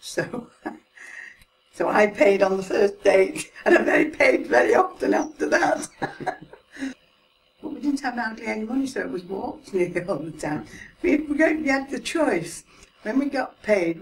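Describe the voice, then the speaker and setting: Older woman, 70s, Mancunian accent, gravelly voice, lively pitch, far from the mic, faint hiss. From Manchester, England. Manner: chatty, laughs often, trails off softly. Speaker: interviewee recalling her life. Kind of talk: casual reminiscing. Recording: distant mic, hissy home recording.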